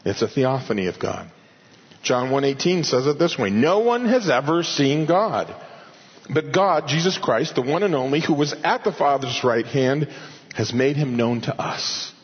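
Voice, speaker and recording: A man preaching an expository sermon in earnest, slowing down and rising in pitch to stress key points. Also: lively intonation, husky. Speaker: pastor. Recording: dull audio with long hall reverb.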